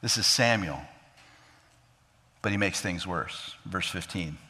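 A man's voice: low-pitched, slow, sharp tone, in a large hall. A man preaching a sermon as pastor, earnest and vivid, who acts out scripture scenes as he goes.

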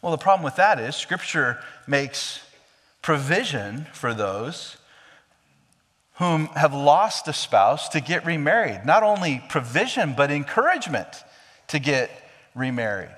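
A man's voice: on the high side, big pitch swings, measured pace, a bit bright. A man preaching a sermon, explaining scripture with emphatic, questioning delivery. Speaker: pastor. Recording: long hall reverb.

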